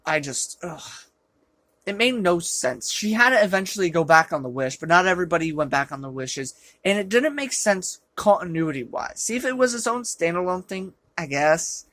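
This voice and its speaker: Sarcastic and exasperated, a film reviewer rants through a movie review with frequent loud outbursts, speaking expressively at normal speed. They describe their own voice as rough, and the clip was captured on a low-quality camera with no echo.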